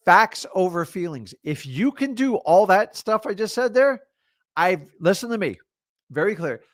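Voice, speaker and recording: A man's voice: sits high, very animated, moderate pace, a bit bright, dry recording, studio quality. Blunt, fired-up male coach. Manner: imitates excuses in mocking quoted voices. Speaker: real estate wholesaling coach. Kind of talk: live-stream coaching talk.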